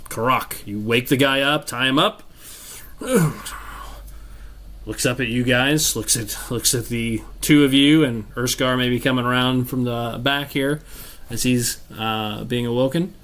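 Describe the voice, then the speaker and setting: Male game master narrating a tabletop session, easygoing and descriptive, mid pitch. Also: measured pace. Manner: descriptive, relaxed, many fillers.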